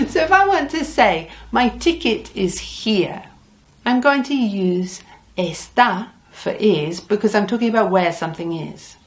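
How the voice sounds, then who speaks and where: A middle-aged woman teaching a language lesson, patiently repeating words for learners. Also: medium pitch. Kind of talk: slow, deliberate Spanish lesson.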